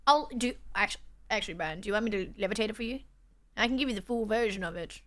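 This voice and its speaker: A woman's voice: mid-range voice, lively intonation, fast, fairly bright tone. A young woman streaming, chatting casually and reading her chat aloud, tired from travel. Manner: chatty, reads chat aloud, self-deprecating.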